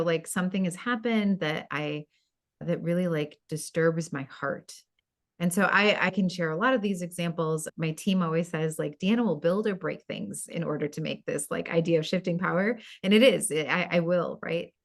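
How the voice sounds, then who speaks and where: A woman with a somewhat low voice tells a story as a podcast guest. She talks in an animated way and keeps adding quick asides. She sounds middle-aged. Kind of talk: storytelling in an interview.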